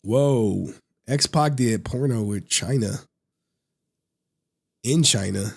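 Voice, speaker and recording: A man in his thirties hosting a casual live stream, talking in slang, laughing often and telling stories in an animated way. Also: medium pitch, drawn-out words, vocal fry, husky. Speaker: streamer host.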